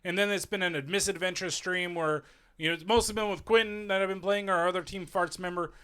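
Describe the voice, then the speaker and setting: A man's voice: high voice, steady tone, brisk, sharp tone, smooth. A man co-hosting a casual podcast, rambling and joking, often laughing. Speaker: podcast co-host. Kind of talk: casual chat.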